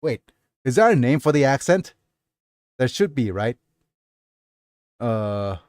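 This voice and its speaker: A man hosting a livestream, talking in an unhurried and rambling way as he answers his chat. His voice sits in the middle of the male range and sounds close and dry, with almost no room around it. He wanders from point to point with plenty of stops and restarts. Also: medium pitch, sing-song, a little mellow, no echo. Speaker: livestream host. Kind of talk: casual livestream chat and reading aloud.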